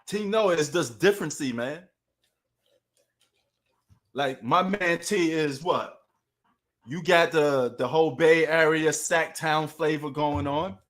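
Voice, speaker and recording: A man's voice: a little high, takes it slowly, long pauses, a bit bright. A man with a Queens New York accent hosting a casual sports livestream, talking loosely and slangily to his chat.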